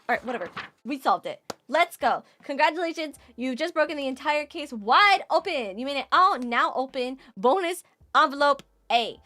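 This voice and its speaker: A woman streamer giving live game commentary, excitable, swinging from muttering to shouting and swearing freely. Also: high voice, moderate pace.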